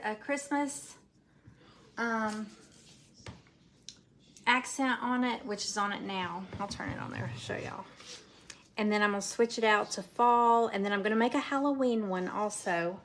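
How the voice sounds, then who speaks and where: A woman with a slightly high voice talks casually to her viewers while she crafts, calling them "y'all" and narrating each step as her hands work. She is recorded on a phone or camera at home, with a faint hiss in the background. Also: unhurried, fairly bright tone. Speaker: craft live-stream presenter. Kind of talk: casual live craft demo.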